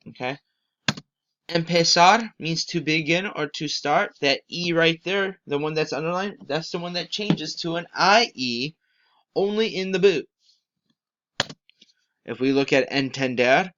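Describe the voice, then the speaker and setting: A man's voice: a little high, a bit bright. A man teaching a recorded slide lesson, patient and repetitive, often checking in with the listener. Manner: patient, repeats okay to check understanding. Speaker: Spanish teacher. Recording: dull lo-fi sound.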